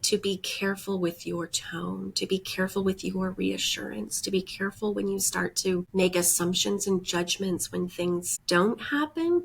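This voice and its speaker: With a head cold making her congested, a female podcast host breathes audibly and sighs heavily through an earnest, reflective self-help monologue. Her medium-pitched voice is husky with vocal fry. She keeps encouraging listeners and often tosses in "like" and "right?"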